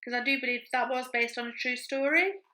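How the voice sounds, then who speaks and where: Bright-voiced chatty woman crafting. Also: sits high, a little fast, rough recording. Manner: chatty, thinks aloud as she works. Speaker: craft vlogger. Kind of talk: casual chat while crafting.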